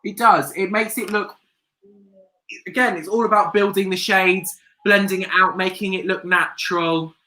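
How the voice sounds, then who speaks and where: A young woman hosting a live makeup tutorial, bubbly and excitable, chanting catchphrases to her viewers. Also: medium pitch, normal speed. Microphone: webcam on a livestream.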